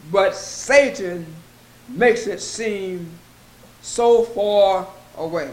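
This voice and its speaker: A man preaching a sermon as pastor, slow and emphatic, repeating scripture references. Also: high voice. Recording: echoey room.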